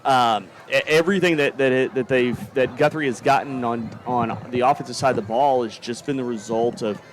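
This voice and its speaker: A man giving color commentary at a live high school football game, folksy and analytical. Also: a little fast, slight background noise.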